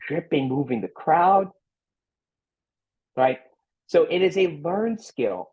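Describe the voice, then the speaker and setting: An outgoing man speaking as a podcast guest and executive recruiter, talking in an animated, emphatic way. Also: fairly low pitch, slightly rough, highs cut off. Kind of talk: casual interview talk.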